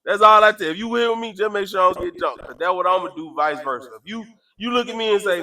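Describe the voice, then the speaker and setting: High, bright-voiced man telling stories. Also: quick pace, few pauses, no room sound. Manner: animated, acts out quotes with sudden loud jumps in pitch. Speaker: podcast host. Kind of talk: casual storytelling chat.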